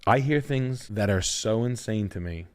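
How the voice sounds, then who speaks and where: A man hosting a casual podcast, ranting bluntly and profanely and sometimes jumping into a shout. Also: fairly low pitch, expressive, normal speed. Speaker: podcast host.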